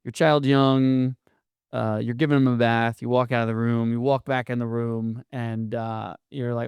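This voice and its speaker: A man co-hosting a podcast, posing a question in a casual, halting way, thinking aloud with many fillers. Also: mid-range voice, flat delivery, darkish tone, smooth, no echo, clean studio sound. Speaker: podcast co-host.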